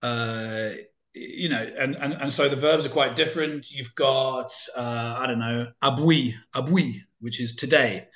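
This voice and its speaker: A man's voice: mid-range voice, unhurried, fairly bright tone, dull audio. A man chatting casually as an interview guest, talking in loose, rambling sentences full of fillers and restarts.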